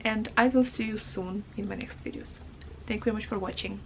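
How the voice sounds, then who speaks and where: A woman's voice: medium pitch, fairly even intonation, brisk, creaky, background noise. A woman book vlogger chatting casually to camera, emotional and talkative, often laughing and restarting her sentences.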